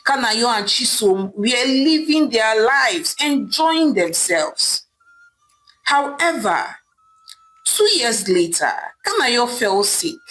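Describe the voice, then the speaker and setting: Woman storyteller, high-leaning voice, lively swooping pitch, folktale narration, faint music under. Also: rough recording.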